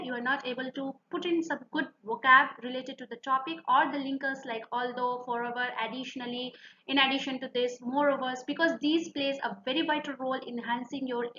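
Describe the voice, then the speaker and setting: A woman's voice: high voice, pushed and bright, slight background noise. A woman with an Indian English accent teaching exam speaking tips in an earnest way, repeating her advice for emphasis. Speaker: IELTS speaking tutor. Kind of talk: instructional video lesson. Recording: echoey room, slightly dull sound.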